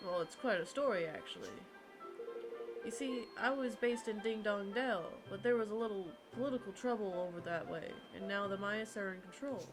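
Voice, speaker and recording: A woman puts on a talkative travelling merchant man with a hammy Southern drawl, rolling out his long-winded sales patter at a middle pitch. Game music plays clearly behind the game dialogue. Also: moderate pace, natural voice, poor audio. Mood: folksy, salesy. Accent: put-on American Southern. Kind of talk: reading game dialogue aloud.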